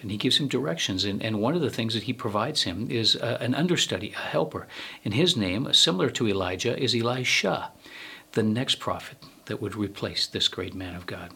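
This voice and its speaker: Gravelly, earnest male preacher. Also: fairly low pitch, lively intonation, pushed and bright. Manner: earnest, measured preaching with slow emphatic phrase endings and frequent fillers. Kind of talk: sermon.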